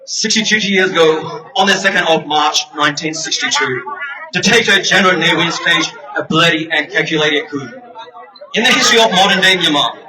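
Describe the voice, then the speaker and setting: Declamatory man addressing a rally crowd. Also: a little high. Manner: loud, declamatory. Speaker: community representative speaker. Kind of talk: rally speech. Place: outdoor rally. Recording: distant outdoor rally recording with crowd.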